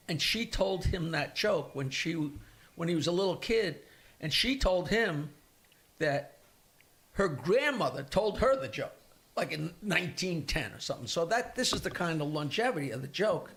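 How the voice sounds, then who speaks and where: Brief: older comic, high bright voice, animated storyteller. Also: male voice, moderate pace. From Long Island, New York. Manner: animated joke-telling storyteller. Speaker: comedian guest. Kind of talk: casual storytelling chat.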